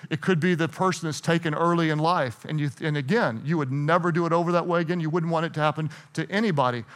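Man, pastor, sermon, middle-aged, high-pitched, animated storytelling, long hall echo. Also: quick pace, hardly any pauses. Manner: storytelling, animated, self-interrupting with repeated restarts. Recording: hall reverb.

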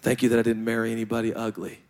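A young adult man preaching a sermon as pastor, joking and animated, with playful asides to the congregation. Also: mid-range voice, racing, slight background noise.

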